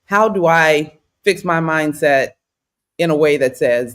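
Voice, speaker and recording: A woman's voice: low voice, measured pace. A woman hosting a podcast, chatting casually and telling playful stories. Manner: lively, playful storyteller. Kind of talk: casual chat.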